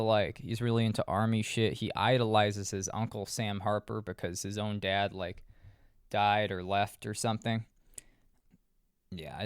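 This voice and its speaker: Guy rambling through a movie recap on his podcast, lowish smooth voice, restarts a lot, swears some, dry close mic. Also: no echo. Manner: rambling, many restarts and fillers, profane asides. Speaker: podcast host.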